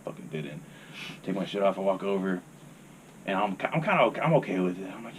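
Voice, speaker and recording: A man's voice: sits low, very animated, a little fast, pauses often, a little hiss or hum. A young man, a podcast guest, telling a rambling, laid-back story in casual chat and swearing freely.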